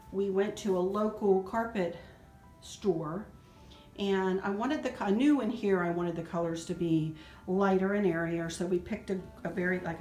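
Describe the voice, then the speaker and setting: A chatty, sentimental woman in midlife walks through her house, talking about decor with an easy laugh. Her voice is of middle pitch. The sound is roomy and echoey, with faint music behind. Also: a little mellow. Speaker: home decor vlogger. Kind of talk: casual home tour narration. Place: indoors in a house.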